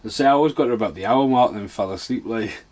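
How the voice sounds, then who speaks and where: A man's voice: on the low side, fast talker, a little mellow. A man casually chatting and swearing his way through a film commentary for his podcast. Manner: swears a lot, chatty and offhand.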